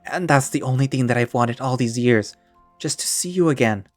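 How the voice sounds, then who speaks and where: A man's voice: medium pitch, animated, normal speed, no room sound, natural voice. A tearful grown man, loyal and heartbroken, his voice trembling and splintering with each word, as a male narrator puts him on. It comes through dry and close, with faint music in the background. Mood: apologetic. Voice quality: shaky, cracking voice. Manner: pleading, choked-up. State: crying. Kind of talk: one-man audio drama.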